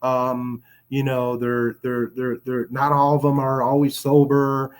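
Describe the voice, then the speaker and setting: A man's voice: medium pitch, completely flat delivery, unhurried, smooth. A man from Chicago telling his recovery story in a casual, rambling way, with many restarts and fillers.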